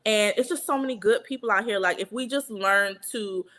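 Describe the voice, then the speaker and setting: A woman's voice: medium pitch, brisk, a bit bright. A woman co-hosting a casual podcast chat, talking earnestly and emphatically and often checking that listeners follow her. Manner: earnest, emphatic, often asks "you understand what I'm saying?". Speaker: podcast co-host.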